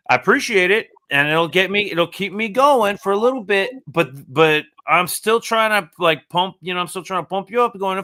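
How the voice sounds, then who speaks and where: A man's voice: high voice, moderate pace, few pauses. A man co-hosting a casual podcast chat, ranting with lots of swearing. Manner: animated, profane ranting. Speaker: podcast co-host.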